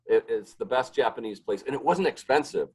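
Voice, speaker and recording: Man telling lively kitchen stories. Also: medium pitch, a little fast, husky, poor audio. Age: adult, married. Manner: animated storyteller, acts out what others said. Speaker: pizzeria owner, podcast guest. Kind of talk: casual interview chat.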